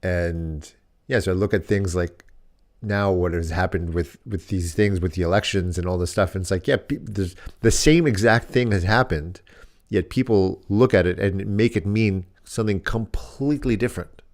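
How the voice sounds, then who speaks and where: A man's voice: deep voice, normal speed. A man co-hosting a parenting podcast, telling a story in a rambling, casual way with frequent restarts and fillers. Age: adult dad. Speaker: podcast co-host.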